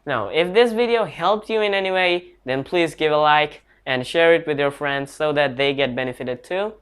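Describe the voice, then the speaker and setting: This casual online English lesson is led by a man whose voice sits on the high side, a bit bright and clean. He speaks haltingly and slowly, restarting as he goes, with grammar that isn't native.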